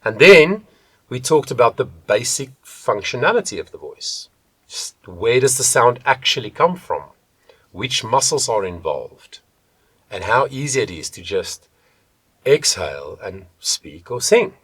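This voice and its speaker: A man working as a vocal coach, teaching vocal technique to the camera and shifting between soft and loud demonstrations. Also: medium pitch, big pitch swings, a little slow, breathy edge, no room sound.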